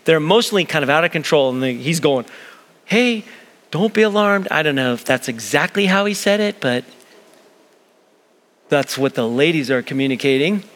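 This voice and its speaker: A man's voice: a little high, a little fast, long reverb tail. A man preaching a sermon as pastor, talking casually and acting out the voices he quotes. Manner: animated, conversational, acts out quoted voices. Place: church sanctuary.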